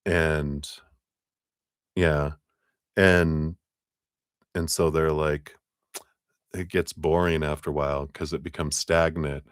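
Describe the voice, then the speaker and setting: A man talking through a live tarot reading, animated, with frequent fillers and laughs. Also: slow, pauses often, no room sound, studio quality. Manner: animated, acts out quoted voices with big pitch jumps; laughs often, many fillers. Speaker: tarot reader. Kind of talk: live-streamed reading talk.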